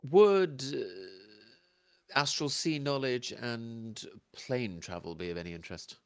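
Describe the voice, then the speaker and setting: A man's voice: medium pitch, expressive, takes it slowly, gravelly, smooth, no echo, studio quality, pitched above the performer's own voice. A man voicing a polite, businesslike male library clerk in a tabletop game. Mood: formal. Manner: polite, formal and careful.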